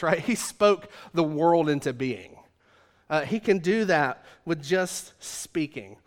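Guy preaching a sermon, high-ish voice, loose and jokey, lots of likes and uhs. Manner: casual and joking, many fillers like 'like' and 'uh'.

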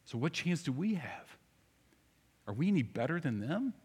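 A man preaching a sermon to a congregation in a church, animated and speaking straight to the people with rhetorical questions. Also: on the high side, moderate pace, slightly rough, big-room sound. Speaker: pastor. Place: church sanctuary.

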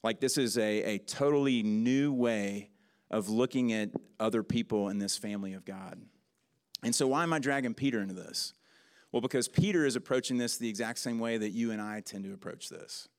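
A man's voice: lowish voice, normal speed, clear, resonant tone. Man preaching in a chatty style. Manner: conversational preaching with restarts and asides. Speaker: pastor. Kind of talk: sermon.

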